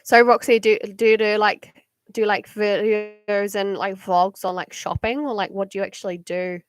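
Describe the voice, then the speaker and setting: A woman's voice: mid-range voice, fairly even intonation, normal speed. A young woman with a New Zealand accent chatting casually to viewers on a live stream at home, rambling with many fillers and giggles. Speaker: livestream card reader. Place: home at night.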